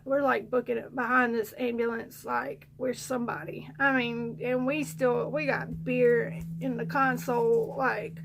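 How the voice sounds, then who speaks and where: A woman's voice: sits high, vocal fry, a bit bright. A woman telling a rambling story to her vlog audience, with frequent fillers and laughs. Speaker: vlogger. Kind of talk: casual storytelling.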